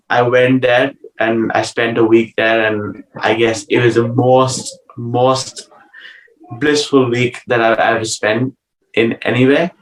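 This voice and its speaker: A man telling a personal spiritual story as an interview guest, earnest and hesitant, with many pauses and restarts. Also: mid-range voice, little pitch movement. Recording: roomy sound from a distant mic.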